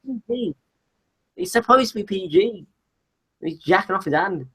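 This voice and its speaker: A man with a bright, husky voice co-hosts a wrestling discussion. He makes sarcastic jabs, and his pitch swings widely. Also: animated, normal speed. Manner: sarcastic, teasing. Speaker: co-host.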